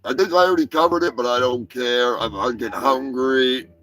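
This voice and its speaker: A man's voice: medium pitch, fairly quick, a bit bright. A man hosting a live show, talking in a crude, rambling, joking way. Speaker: podcast host. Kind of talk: casual live show commentary.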